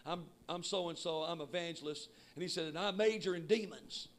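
A man preaching a sermon with emphatic shouting that drops to quiet asides. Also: on the high side, normal speed. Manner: shouting, emphatic, swinging between loud and quiet. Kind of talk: Pentecostal sermon.

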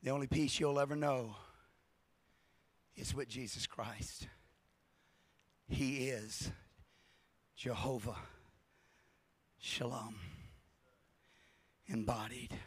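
A man preaching a revival sermon to a congregation, shouting repeated refrains with passion and then dropping to a hushed, intense delivery. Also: medium pitch, steady tone, slow pace, long pauses, breathy edge, no echo.

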